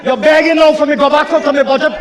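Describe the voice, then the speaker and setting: In a parliament chamber with long reverb and a faint murmuring crowd, a government minister with a Guyanese accent gives a heated, taunting, repetitive speech. He talks fast with an extremely high pitch and flat delivery.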